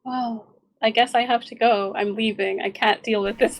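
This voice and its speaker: A woman's voice: a little high, fairly even intonation, moderate pace. A woman player in a live tabletop game, talking emotionally and laughing through tears. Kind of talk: casual tabletop game chat.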